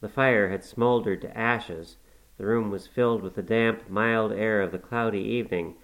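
A man reads a classic novel aloud at a measured, unhurried pace. His voice sits on the low side and slows for descriptive passages. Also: poor audio. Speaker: audiobook narrator.

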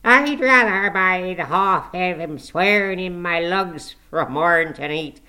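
A man's voice: sits high, takes it slowly, bright, forceful tone, voice pushed up, heavily acted. A man voicing a cantankerous, pious old male servant, scolding and groaning. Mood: ranting. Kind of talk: audiobook character voice.

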